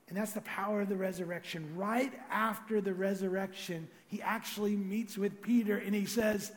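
Speaking at a moderate pace, a pastor delivers a conversational sermon that swings from animated to soft and intimate. His fairly high male voice echoes with the long reverb of a large hall.

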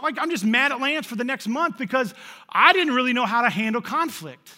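A man, preaching a sermon through a personal story, animated, often repeating words and restarting phrases. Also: high-pitched, brisk, big-room sound. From central Illinois, USA. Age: 30s. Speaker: pastor.

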